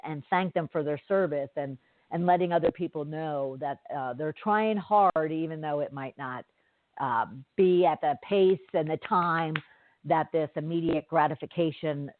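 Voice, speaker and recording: A woman's voice: deep voice, no echo. A woman podcast host telling a story in a chatty, rambling way with many fillers and asides. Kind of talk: casual storytelling monologue. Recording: dry, tinny phone-like line.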